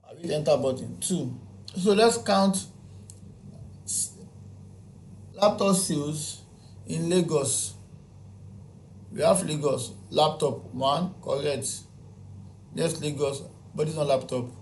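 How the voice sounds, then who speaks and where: A man's voice: a little high, darkish tone, a little hiss or hum. A man teaching a spreadsheet tutorial. He counts items aloud one by one, repeats his key points and answers his own questions. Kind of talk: screen-recorded software tutorial.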